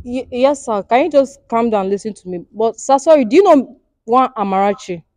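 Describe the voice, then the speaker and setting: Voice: mid-range voice, lively intonation, normal speed, a little mellow, no room sound, low-quality recording. A skit host, pleading earnestly and then speaking to viewers. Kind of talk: comedy skit, addressing viewers.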